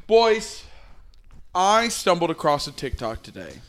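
A young man hosts a casual podcast in a slightly raised voice. He talks slowly and unhurriedly, and his speech is loose and full of fillers as he ambles through his questions. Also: high voice, wildly swooping pitch. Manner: rambling with many fillers. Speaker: podcast host.

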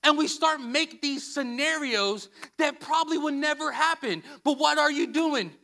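A man preaching a sermon, emphatic, repeating key phrases and swinging between soft, low passages and loud bursts. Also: moderate pace, creaky. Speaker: pastor.

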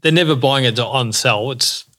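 A laid-back Australian man in casual podcast chat, easygoing and agreeable. He speaks at a middling pitch and tells his anecdotes plainly. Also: normal speed, pushed and bright. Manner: laid-back, agreeable, chipping in with short replies.

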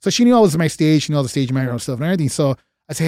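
A man, a guest on a casual podcast, telling a backstage story in a lively way, acting out what people said and swearing freely. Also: a little high, rapid-fire, no echo, clean studio sound. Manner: animated, acts out quoted dialogue, swears freely. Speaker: guest, former stage manager.

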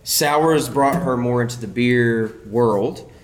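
Male co-host, mid pitch, relaxed casual chat. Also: slow pace, slight background noise. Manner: relaxed, easygoing, fillers. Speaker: podcast co-host.

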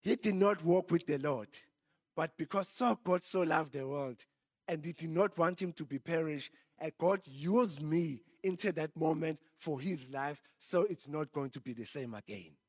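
A man's voice: on the high side, normal speed, darkish tone, dry recording, studio quality. A man preaching a sermon, telling a personal story and chuckling often.

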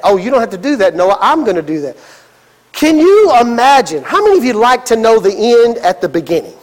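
A middle-aged male pastor preaching a sermon, telling a story with lively asides and asking the congregation rhetorical questions. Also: very high-pitched, long reverb tail, low-quality recording.

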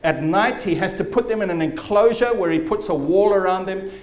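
A man's voice: sits high, a little fast, darkish tone, roomy sound. A man preaching a sermon as pastor, telling stories vividly and with emphasis.

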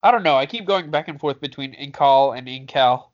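A man's voice: on the high side, animated, fast talker. Wry man co-hosting a podcast. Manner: dry, wry, mock-formal. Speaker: podcast co-host. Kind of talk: casual chat. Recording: dull lo-fi sound.

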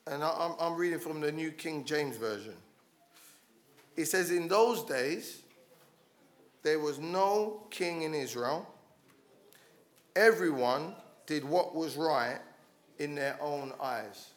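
A man delivers a sermon in a fairly high voice. He speaks with passion, stumbling over restarts, and builds to loud calls for his listeners to stand up. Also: slow, long pauses. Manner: passionate, rising to loud exhortation with frequent restarts. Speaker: preacher.

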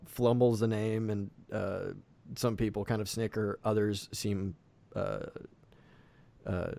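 A man's voice: on the low side, vocal fry, warm tone, no echo. A man narrating a tabletop game as game master, casual and full of fillers.

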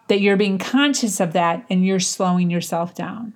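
A woman's voice: mid-range voice, unhurried, few pauses. A woman giving conversational advice on building rapport, speaking casually with frequent fillers and restarts. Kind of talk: casual instructional talk.

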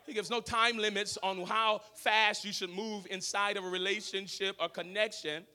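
A man preaching a sermon as pastor of a church, swinging from shouted lines to low, quiet talk. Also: steady tone, moderate pace. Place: church sanctuary.

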